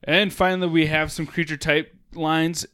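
A man co-hosting a casual gaming podcast, reading card previews with dry, deadpan teasing. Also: a little high, moderate pace, clear, resonant tone, no echo. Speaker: podcast co-host.

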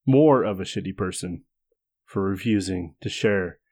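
A man's voice: sits low, unhurried, darkish tone. A young man from the United States, co-hosting a podcast in casual chat with a dry, joking manner. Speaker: podcast co-host.

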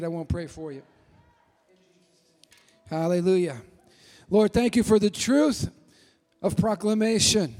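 A high-pitched man preaches with fervent emphasis and sometimes breaks into shouts. His voice carries a long, ringing reverb from the big sanctuary. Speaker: pastor. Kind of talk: sermon.

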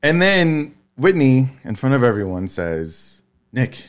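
A man's voice: slow pace, very noisy. Casual swearing man telling a story. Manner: animated storyteller, swears freely, jumps high when quoting. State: tired. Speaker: podcast co-host.

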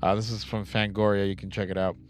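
A man's voice: on the low side, little pitch movement, fast talker, a crowd in the background. A man co-hosting a podcast in casual chat, laid-back, reading out news items with many fillers. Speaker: podcast co-host.

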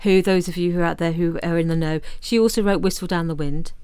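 A woman's voice: fairly low pitch, fairly even intonation, quick pace, darkish tone, clear, resonant tone, no echo. A woman co-hosting a podcast, chatting casually about an old film and often restarting her sentences. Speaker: podcast co-host.

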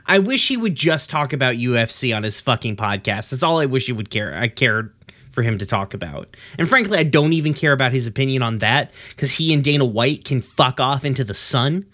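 A man's voice: mid-range voice, expressive, a little fast, fairly bright tone. A man co-hosting a casual podcast, ranting with heavy swearing. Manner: profane, ranting.

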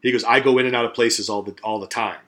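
Brief: middle-aged male podcast co-host, mid-pitched voice, profane rambling storyteller who performs the dialogue. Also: steady tone, fast, fairly bright tone. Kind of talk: casual storytelling chat.

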